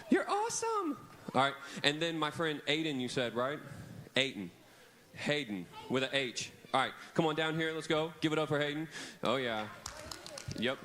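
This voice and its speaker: A man's voice: medium pitch, fairly bright tone. A man, giving a playful, teasing kids camp sermon from a church stage. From Louisiana. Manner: playful, teasing, chatty with children. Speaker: camp speaker.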